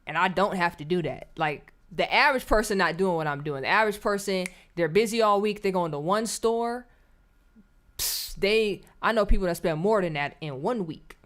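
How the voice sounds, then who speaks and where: Woman streaming, reacting to clips, blunt and kinda preachy, mid-pitched voice. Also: animated, moderate pace, fairly bright tone. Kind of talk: casual live-stream commentary.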